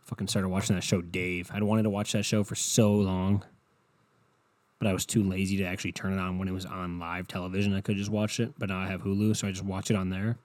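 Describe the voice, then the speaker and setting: A young man rambles through a solo podcast, profane and sarcastic, tossing off jokes. His voice sits low and mellow. The sound is dry and close, with no room behind him. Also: little pitch movement, quick pace, dry recording. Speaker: podcast host. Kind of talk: casual solo podcast rant.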